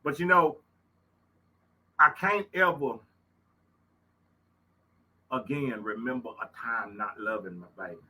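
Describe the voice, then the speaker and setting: A man's voice: medium pitch, slow pace, pauses often, bright, forceful tone, breathy edge, low-quality recording. A middle-aged man with a Southern Louisiana accent tells stories in a casual monologue, folksy and emphatic, and he repeats his phrases. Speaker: host.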